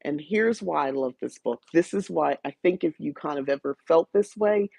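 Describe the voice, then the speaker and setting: Woman, podcast host, rambling book review chat, fry in the voice. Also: deep voice, moderate pace, dark tone, no room sound. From South New Jersey, USA. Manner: chatty, rambling, frequent restarts and fillers; greets live viewers by name.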